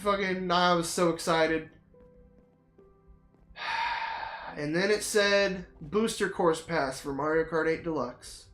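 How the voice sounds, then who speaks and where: Profane, excitable streamer in an echoey room. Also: mid-range voice, unhurried, hardly any pauses, faint music behind. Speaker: streamer chatting to viewers. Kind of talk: casual rambling chat while playing a game.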